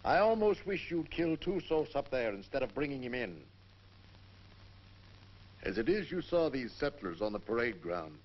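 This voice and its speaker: A grave, weary fort commander. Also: male voice, medium pitch, very animated. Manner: grave, measured, burdened. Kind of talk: 1950s western film acting. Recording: dull old film soundtrack.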